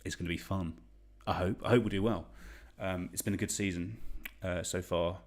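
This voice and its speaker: A young man from England hosting an online quiz, chatty and self-deprecating as he reads out questions and shout-outs. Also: low-pitched, fairly even intonation, moderate pace. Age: young adult. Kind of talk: casual quiz hosting livestream.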